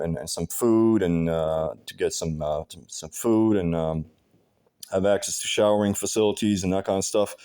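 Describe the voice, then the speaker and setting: Man, lowish mellow voice, rambling vlog talk, lots of filler and swearing. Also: clear, resonant tone. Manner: halting, with many fillers and restarts; heavy profanity, blunt and aggrieved. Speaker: vlogger. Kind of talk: casual rambling monologue.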